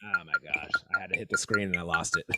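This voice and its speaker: A man's voice: sits low, huge pitch swings, quick pace, loud music behind the voice. A man leading a live-streamed group drum lesson over a video call. He is exclamatory, laughs often and counts the players in.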